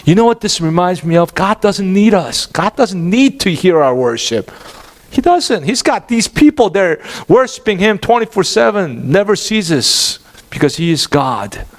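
Animated pastor preaching, man. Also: high-pitched, unhurried. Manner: animated, asks the congregation questions. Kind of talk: sermon.

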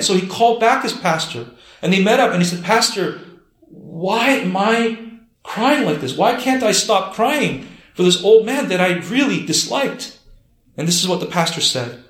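Earnest male pastor with a somewhat high voice, preaching a story-led sermon, roomy sound. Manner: earnest, drops to soft low tones for emphasis. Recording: roomy echo.

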